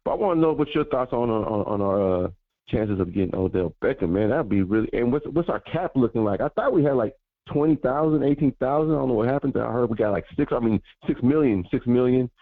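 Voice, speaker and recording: A man calls in and rambles in a relaxed way, giving shout-outs as he goes. His voice sits at an ordinary pitch. It comes through a tinny, dry phone line. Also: fairly quick, no echo. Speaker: caller. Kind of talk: phone-in chat.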